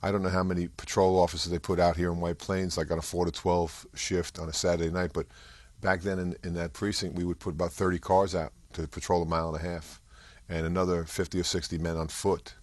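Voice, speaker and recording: An older man with a deep, low voice. He talks fast in a halting, rambling way, full of fillers and restarts. The sound is dry and close. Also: level tone, a little mellow, dry recording. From New York area. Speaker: guest. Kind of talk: casual storytelling interview.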